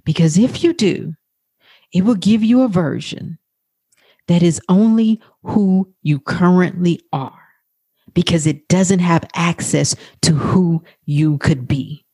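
A woman life coach hosting a motivational podcast, talking in an animated, profane way. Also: takes it slowly, husky, no echo, clean studio sound. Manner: animated, profane, acts out quoted talk in a high voice.

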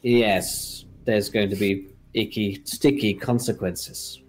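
Low-voiced joking man player. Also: steady tone, slow pace, slight background noise. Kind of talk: casual tabletop play.

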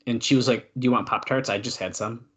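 A young adult man co-hosting a casual wrestling watch-along podcast, excitedly calling the moves and chatting between them. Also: medium pitch, fast talker. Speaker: podcast co-host.

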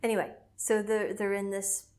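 A woman co-hosting a casual podcast, retelling a film in a chatty, animated way. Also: medium pitch, normal speed. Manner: chatty, animated storytelling with laughs. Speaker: podcast co-host recapping a film. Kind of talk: casual chat.

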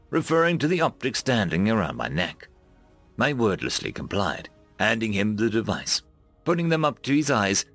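Lively male sci-fi story narrator. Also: mid-range voice. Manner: lively, dramatic reading with raised voices for dialogue.

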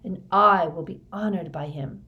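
A woman reading a fanatical young male dark wizard's confession in a flat, hushed monotone. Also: fairly low pitch, moderate pace, muffled recording, lightly acted. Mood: confessing.

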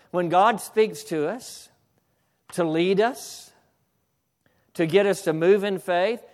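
Fervent high-voiced male preacher. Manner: fervent, repetitive restarts, exclaims "hallelujah"; builds to shouting. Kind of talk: sermon.

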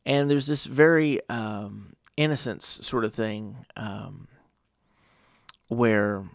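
A middle-aged man talks through a rambling, wry podcast monologue and slips into mock voices. His voice is gravelly at a middle pitch. The recording is dry and close. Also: slow, dry recording. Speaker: podcast host. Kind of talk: casual monologue.

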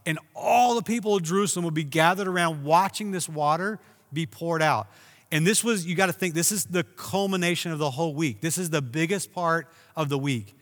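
A man preaching a sermon, telling a story with animated emphasis and raising his voice for key moments. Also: on the high side, a little fast, in a large hall. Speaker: pastor.

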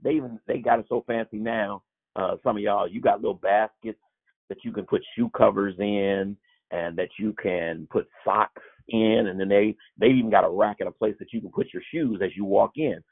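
Low gravelly man, informal small-group Bible teacher, tinny lo-fi line. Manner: halting, many fillers and restarts. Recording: tinny phone-like sound.

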